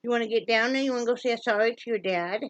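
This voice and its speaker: A woman's voice: fairly high pitch, quick pace, no echo, highs cut off. A chatty woman from Wyoming vlogging at home, switching between folksy talk to viewers and coaxing, sing-song baby talk to her dog. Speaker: vlogger, pet rescuer. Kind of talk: casual home vlog.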